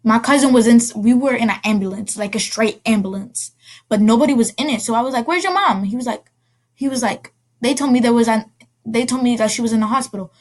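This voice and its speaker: A woman casually telling a personal story as a vlogger, rambling and correcting herself with quick asides. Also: fairly high pitch, fairly even intonation, a little mellow.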